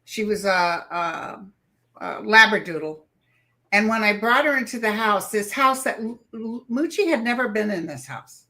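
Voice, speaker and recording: A woman's voice: mid-range voice, normal speed. A woman in a casual group chat on a video call. She tells anecdotes and quotes her own words along the way. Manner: lively anecdotal storyteller, quotes herself.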